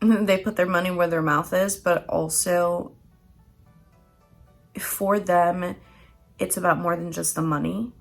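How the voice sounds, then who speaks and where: A woman's voice: lowish voice, fairly even intonation, takes it slowly, vocal fry, long pauses, soft background music. A woman giving a casual pick-a-card tarot reading, chatty and playful, laughing often and swearing freely.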